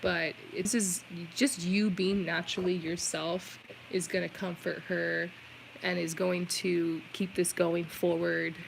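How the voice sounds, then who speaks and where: A woman's voice: fairly low pitch, little pitch movement, slow, vocal fry, noisy background. A woman giving a tarot reading on a live stream, talking in a chatty, reassuring way with many "like" fillers. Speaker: tarot reader.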